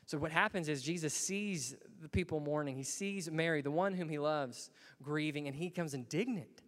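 A man's voice: on the high side, normal speed, big-room sound. A man preaching a sermon in a church, earnest and building to emphatic bursts. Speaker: pastor.

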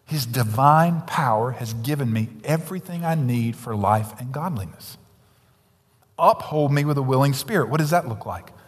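Man preaching in an echoing hall. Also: medium pitch. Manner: swings from loud emphatic preaching to hushed near-whisper. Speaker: pastor. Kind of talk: sermon. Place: church sanctuary. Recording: long hall reverb, church sanctuary.

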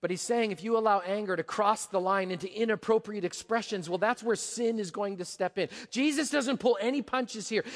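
A pastor preaching a sermon, animated, dropping to a hush and rising to a shout. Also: male voice, sits high, long reverb tail. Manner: animated, swings from hushed to shouting.

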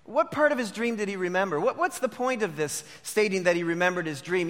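A pastor preaching a sermon, moving between hushed reflection and emphatic declarations. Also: male voice, high voice, lively intonation, brisk, hardly any pauses, big-room sound.

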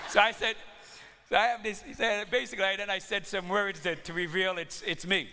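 Preacher guy telling a funny story in a sermon, kinda high bright voice. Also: brisk, in a large hall, a little hiss or hum. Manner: animated storytelling, laughing often. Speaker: pastor.

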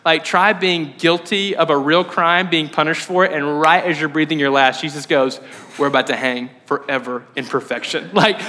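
A man preaching a sermon as pastor, conversational and animated, often checking in with the audience. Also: high voice. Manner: conversational, animated, frequent "right?" asides. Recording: long hall reverb.

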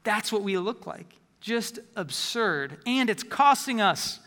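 A man's voice: high voice, lively intonation, takes it slowly, bright, forceful tone, big-room sound. A man preaching a sermon as a pastor, conversational, often repeating words as he restarts phrases.

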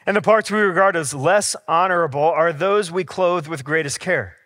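High-voiced pastor telling stories. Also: male voice, moderate pace, bright, forceful tone, no echo, clean studio sound. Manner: conversational, storytelling with acted-out dialogue. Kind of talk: sermon. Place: church sanctuary.

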